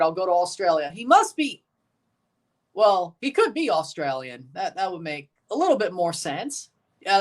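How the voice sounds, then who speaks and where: Rambling, chatty male streamer. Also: sits high. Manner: chatty, rambling, answers chat, laughs at himself. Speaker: streamer hosting a match watchalong. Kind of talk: casual live reaction commentary.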